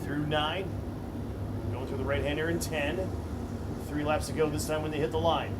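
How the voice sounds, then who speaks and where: A male race announcer with a slightly high voice calls the action in clipped, rhythmic bursts. He rallies the crowd between laps and drivers. It is live commentary from a kart track. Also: level tone, moderate pace, heavy background noise. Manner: punchy rhythmic race calling, crowd-rousing introductions.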